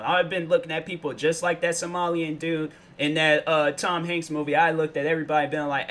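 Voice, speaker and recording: A young man talks straight through a casual solo vlog, slangy and rambling, often losing his train of thought. His voice sits a bit high with a bright, forceful edge. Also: steady tone, a little fast, hardly any pauses. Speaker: show host.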